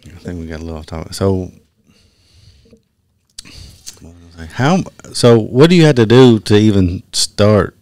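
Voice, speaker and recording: A man hosting a casual podcast chat, asking relaxed, loose questions. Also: lowish voice, a little fast, dry recording. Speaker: podcast host.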